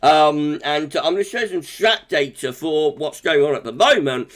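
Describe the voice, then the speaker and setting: A man hosting a weather livestream, chatting casually and greeting viewers by name in quick, upbeat bursts. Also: fairly high pitch, animated, fairly bright tone. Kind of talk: casual live-stream chat, reading out viewer comments.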